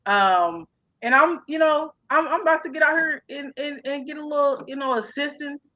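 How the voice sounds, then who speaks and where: Young adult woman, podcast co-host, casual chat, bright tone, animated, drawn-out emphasis. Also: sits high.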